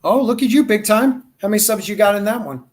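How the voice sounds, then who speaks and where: A fairly high-voiced man hosting a casual live podcast. He talks loosely and with eager enthusiasm, tossing around dude and brother. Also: animated, fast. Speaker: podcast host. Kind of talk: casual live-stream chat.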